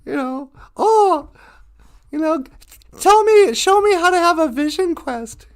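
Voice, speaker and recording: A woman's voice: very high voice, animated, a little slow. A woman voicing a self-mocking, chatty male eagle spirit who acts as a messenger for prayers. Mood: wry.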